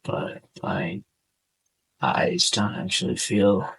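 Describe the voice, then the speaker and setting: A young man hosting a casual podcast, speaking in a subdued, halting way with a sore throat, as if on the verge of tears. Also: lowish voice, level tone, gravelly, a bit bright, breathy edge, poor audio. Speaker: podcast host. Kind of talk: casual personal monologue over gameplay.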